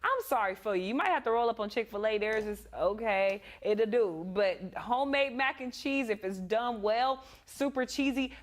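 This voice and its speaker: A woman co-hosting a church youth show, animated and colloquial. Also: on the high side, normal speed, few pauses.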